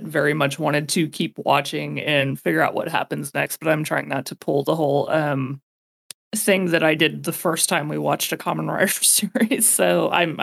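A woman co-hosting a podcast, chatting casually in an articulate, expressive way. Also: low voice, gravelly. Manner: articulate, expressive, bursts into laughter. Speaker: podcast co-host. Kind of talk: casual chat.

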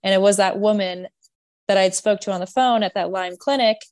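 A woman's voice: mid-range voice, brisk, darkish tone, dry recording. A young woman guest on a podcast, talking openly and rambling with lots of "like" and "you know". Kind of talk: candid interview talk.

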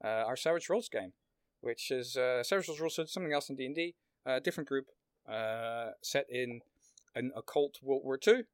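A man's voice: mid-range voice, expressive, moderate pace, clean tone, no echo. A man on a casual podcast, a game master plugging his streams, talking hesitantly with many fillers.

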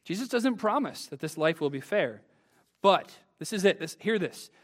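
Male preacher, high voice, earnest sermon delivery with emphatic swells. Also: expressive, normal speed. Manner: earnest, rising to emphatic peaks.

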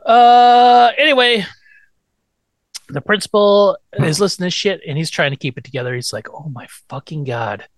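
A man's voice: sits high, normal speed, no echo. A man hosting a podcast, recapping a TV episode in casual chat, swearing freely and quoting characters playfully. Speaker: podcast host.

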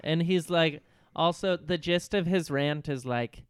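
A man co-hosting a podcast, trading wry deadpan quips while recapping a TV episode in casual chat. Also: a little high, measured pace, clear, resonant tone, no room sound, studio quality. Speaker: podcast co-host.

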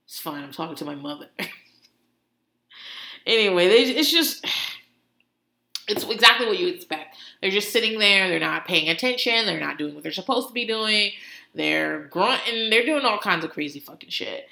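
A woman's voice: mid-range voice, lively intonation, moderate pace, vocal fry, pushed and bright. A woman host giving a casual comedic recap, swearing freely and laughing often as she talks. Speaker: podcast host. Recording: roomy echo.

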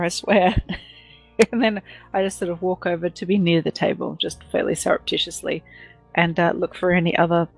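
A woman's voice: fairly low pitch, breathy edge, rough recording. A woman player in a tabletop game, chatting playfully and giggling often. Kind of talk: casual tabletop game chat.

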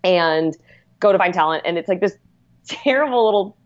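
Lower-voiced woman on a dull lo-fi mic. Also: expressive, normal speed. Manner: enthusiastic, rambling recaps. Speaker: podcast guest. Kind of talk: casual chat.

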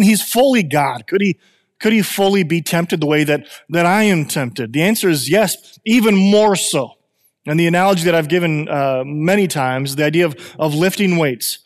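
Male pastor, 30s, animated sermon, fairly high voice, echoing church hall. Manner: animated, conversational preaching with restarts and jokes.

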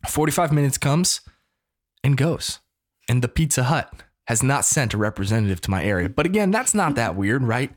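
A man in his thirties from the United States, telling a story casually in an animated, preacher-like way. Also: mid-range voice, moderate pace. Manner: animated, preacher-like call-and-response.

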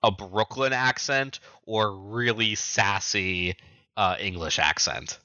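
A podcast co-host with a fairly low, sharp-toned voice casually recaps story events, retelling them quickly and acting out the characters' lines. The recording has no echo, and its highs are cut off.

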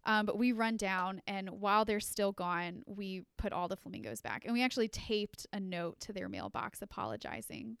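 A young adult woman co-hosting a podcast, telling a story in casual chat, animated and full of fillers, laughing as she goes. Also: mid-range voice, moderate pace, gravelly, hardly any pauses, clear, resonant tone, dry recording, studio quality. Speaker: podcast co-host.

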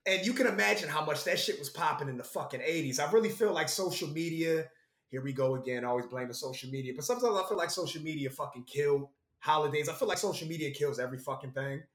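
A young man chatting casually, his voice pitched a little high. He rambles and swears constantly, throwing in bro and yo. The room around him rings with echo. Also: quick pace, fairly bright tone. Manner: profane, rambling, says bro and yo. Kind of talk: casual chat.

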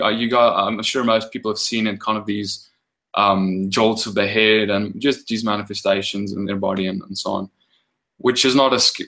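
A man's voice: on the low side, bright, forceful tone, poor audio. Rambling man sharing a ministry story. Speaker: guest minister. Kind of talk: casual testimony and teaching.

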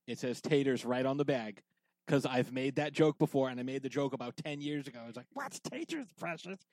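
A man's voice: medium pitch, fairly even intonation, brisk, darkish tone, no echo, rough recording. Rambling man chatting on a podcast. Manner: rambling, full of fillers and restarts. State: drinking whiskey while talking. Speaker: podcast co-host. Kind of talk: casual podcast chat.

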